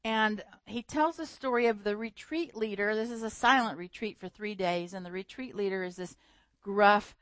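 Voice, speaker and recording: Woman preacher, animated storyteller, dry close sound. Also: mid-range voice, dry recording. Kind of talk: sermon.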